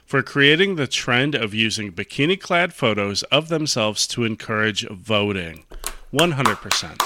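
A man co-hosting a podcast in relaxed chat, with a very bright, sharp-edged voice. He sounds laid-back and agreeable, and the recording is dry and close with no room sound. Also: fairly low pitch, measured pace, no room sound. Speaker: podcast co-host.

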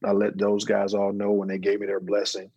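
Husky middle-aged guy, lowish voice, dry close mic, chatty interview storytelling. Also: brisk, dry recording, poor audio. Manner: storytelling, animated when quoting others. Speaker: interview guest, business owner. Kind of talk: casual interview talk.

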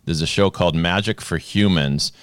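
Casting: male podcast host, Boston accent, deep voice, rambling and joking, dry close sound. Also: normal speed, a bit bright, clear, resonant tone, no echo. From Boston area. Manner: jokey, rambling with many restarts. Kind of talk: casual chat.

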